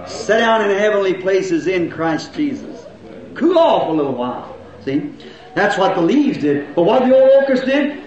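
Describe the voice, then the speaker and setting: A middle-aged man preaching a revival sermon to a congregation, in folksy rural grammar, asking questions and now and then breaking into shouts. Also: high-pitched, animated, normal speed. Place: church hall with congregation. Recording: very echoey old church recording.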